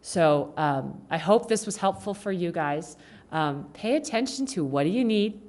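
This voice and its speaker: A woman giving an informal, conversational talk to a church congregation, animated and acting out quoted speech along the way. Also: lowish voice, unhurried. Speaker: guest speaker at a church service.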